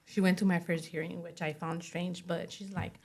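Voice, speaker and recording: A woman being interviewed, telling a personal story in a halting way, full of fillers like "you know" and "like.". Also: fairly low pitch, level tone, a little mellow. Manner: acts out other people's words while telling her story. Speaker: interview guest.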